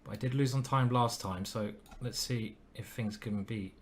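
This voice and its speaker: A man's voice: mid-range voice, moderate pace, a little hiss or hum. A man streaming live, commenting on his chess games and chatting to viewers with self-deprecating asides.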